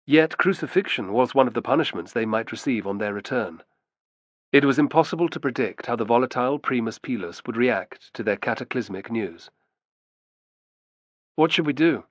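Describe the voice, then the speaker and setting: A man reading an audiobook in a steady, measured storytelling manner on a close studio mic. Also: mid-range voice, no echo. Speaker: audiobook narrator. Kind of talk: scripted narration.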